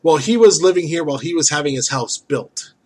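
A man's voice: a little high, animated, fairly quick, darkish tone, breathy edge. A man chatting casually as podcast co-host, complaining sarcastically and swearing. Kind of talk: casual chat.

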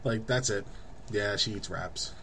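A man's voice: fairly low pitch, pushed and bright, slight background noise. A man, around his thirties, joking through a casual chat as a podcast co-host and laughing easily.

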